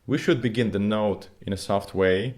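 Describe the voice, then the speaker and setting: Male vocal coach, somewhat low voice; patient, step-by-step singing lesson delivery with slightly phrasing. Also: normal speed, darkish tone. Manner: non-native phrasing, patient step-by-step explaining.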